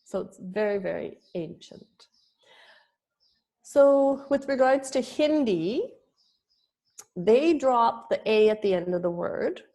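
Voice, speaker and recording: Female yoga teacher, lecturing slowly, halting with ums and restarts. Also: fairly high pitch, expressive, warm tone. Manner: hesitant, with frequent ums and restarts. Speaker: yoga teacher giving a presentation. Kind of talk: slow spoken lecture with pauses.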